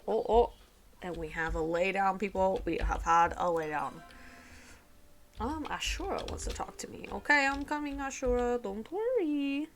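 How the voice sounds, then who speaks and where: Woman streamer, chatty home gameplay commentary, giggly with whispery asides, animated pitch. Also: normal speed, soft background music.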